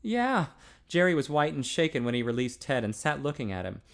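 A man narrating a novel aloud in an expressive way. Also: fast, creaky. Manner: expressive, pitch swinging widely. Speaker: audiobook narrator.

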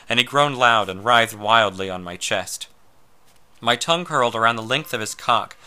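A man reading a first-person story aloud in a slow, measured way, sometimes dropping to a hush. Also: fairly low pitch. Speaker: narrator.

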